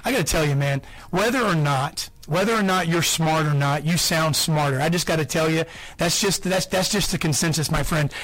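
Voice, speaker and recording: High-voiced man hosting a sales podcast. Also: normal speed, few pauses, fairly bright tone, rough recording. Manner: earnest, repeats key points for emphasis. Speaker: podcast host. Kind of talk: motivational sales podcast talk.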